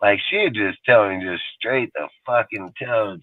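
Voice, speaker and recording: A man's voice: sits low, a little slow, no room sound, phone-quality sound. A man co-hosting a casual talk show, rambling and cursing freely as he tells stories. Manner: rambling, cursing, storytelling with acted quotes. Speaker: podcast co-host. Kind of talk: profane casual chat.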